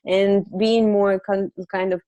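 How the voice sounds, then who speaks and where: A woman's voice: mid-range voice, level tone, takes it slowly, dark tone, no echo. A woman hosting a conversation, speaking thoughtfully and reflectively as she searches for her words. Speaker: host.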